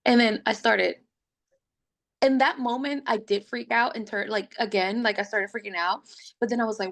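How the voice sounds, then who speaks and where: A woman guest on a podcast, telling a personal story in a casual, lively way, recorded at home. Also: a little high, moderate pace. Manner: lively, acts out quoted voices.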